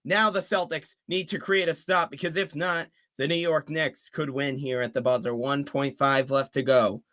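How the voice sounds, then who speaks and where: A young man giving fan play-by-play commentary of a basketball game, excitable and openly rooting for one team. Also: a little high, normal speed.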